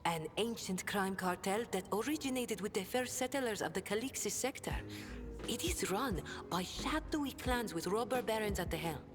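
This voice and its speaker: Actress playing a sly smuggler-trader woman, accented, lively swooping pitch, hushed asides, game music behind. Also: moderate pace, natural voice. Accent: non-standard accent. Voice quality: theatrical, swooping delivery with sudden hushed asides. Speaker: game companion character. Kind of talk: video game voice acting.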